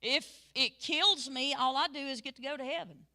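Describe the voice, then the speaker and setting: Bright, animated woman preaching. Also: high voice, normal speed. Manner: lively storytelling, shifts between loud and soft. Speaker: Sunday school teacher. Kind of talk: sermon.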